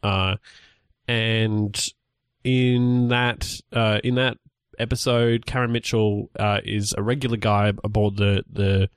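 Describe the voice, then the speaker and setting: A podcast co-host chats casually, rambling along with lots of fillers and restarts. His voice is lowish and fairly flat in pitch, delivered slowly with a clear, resonant tone. The clean studio recording has no room sound.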